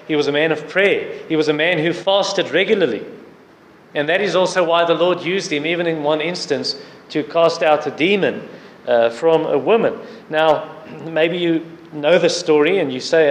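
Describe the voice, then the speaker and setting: A man preaching a sermon, earnestly urging prayer and fasting and citing scripture as he goes. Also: fairly high pitch. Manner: earnest, repetitive exhortation with scripture references. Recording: echoey hall with faint background noise.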